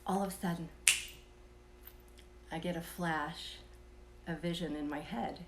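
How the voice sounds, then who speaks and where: A woman telling a personal story in a casual, soft-spoken way, sometimes dropping to a whisper and chuckling between thoughts. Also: lowish voice, steady tone, a little slow, background noise. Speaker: vlogger telling a personal experience.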